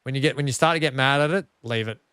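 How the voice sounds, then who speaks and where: A man's voice: mid-range voice, fast talker, fairly bright tone, slight background noise. An Australian man casually commentating while live-streaming a building game, chatting with viewers and grumbling at his track. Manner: chatty, talks to chat, self-mocking frustration. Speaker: gaming streamer. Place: home room.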